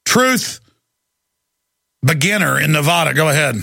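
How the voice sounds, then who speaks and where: A man hosting a talk radio show, ranting heatedly and shouting at times, then taking calls. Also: a little high, animated, creaky. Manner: angry, shouting at times, fast bursts.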